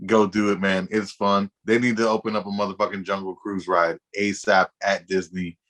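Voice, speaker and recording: A man with a lowish voice co-hosts a casual podcast. He talks in emphatic, slangy bursts and curses freely. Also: level tone, normal speed, fairly bright tone. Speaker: podcast co-host. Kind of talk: casual chat.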